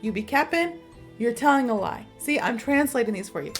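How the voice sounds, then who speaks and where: A woman in her thirties teaches slang through a chatty personal story, slipping into the voices of the people she quotes. Her voice sits fairly high. Soft music plays faintly under her talk. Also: brisk. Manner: chatty, animated, acts out quotes. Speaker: English teacher. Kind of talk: casual storytelling lesson.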